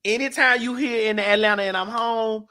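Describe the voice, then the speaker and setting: A talk show host, brassy and teasing, who keeps calling people honey. The voice is bright and cutting, and the delivery is loud and playful. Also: medium pitch, steady tone, normal speed. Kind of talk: casual chat.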